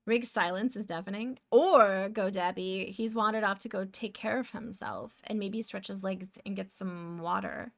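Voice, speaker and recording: A woman's voice: medium pitch, moderate pace, vocal fry, hardly any pauses. A woman from Canada, chatting casually with viewers while drawing, giggly and talking to herself as she works. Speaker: streamer.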